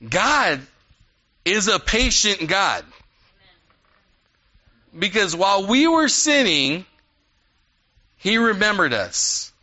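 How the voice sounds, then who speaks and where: A man preaching a sermon in an animated, conversational way, with quick asides to the congregation. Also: high voice. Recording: dull lo-fi sound.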